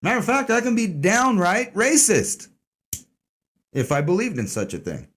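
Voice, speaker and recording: A man's voice: high-pitched, big pitch swings, moderate pace, fairly bright tone. A man hosting an online news commentary stream, talking casually, sarcastic, rambling and full of swearing.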